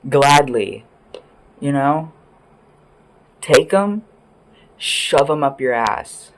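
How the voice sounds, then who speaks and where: A man ranting off the cuff as a vlogger, angry and sweary, rambling between loud outbursts and low mutters. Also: animated, drawn-out words, slight background noise, rough recording. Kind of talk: profane off-the-cuff rant.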